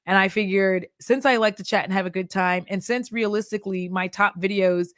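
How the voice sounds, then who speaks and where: A woman in her thirties talks straight to camera in a relaxed chat vlog, blunt and animated, swearing freely and laughing often. Her pitch sits in the middle for a woman. The sound is close and dry, with no room echo. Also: fairly quick. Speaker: beauty content creator turned chat vlogger. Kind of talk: casual chat vlog while doing makeup.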